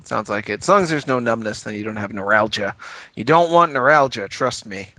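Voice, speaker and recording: A man's voice: medium pitch, expressive, a little fast, sharp tone, no echo. A man co-hosting a casual podcast, chatting earnestly and giving mock-doctorly advice. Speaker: podcast co-host. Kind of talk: casual chat.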